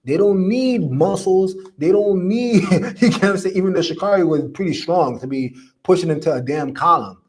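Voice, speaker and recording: A man hosts a live commentary stream, reading viewer comments aloud. He talks in an emphatic, preachy way and repeats phrases for stress. His voice sits a little high for a man. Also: expressive, normal speed, few pauses, a little hiss or hum.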